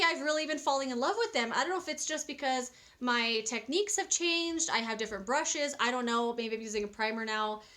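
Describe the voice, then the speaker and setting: Woman, young adult, high voice, excited, rambling, casual makeup vlog. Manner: excited and rambling, with self-corrections. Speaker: beauty vlogger. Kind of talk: casual product review to camera.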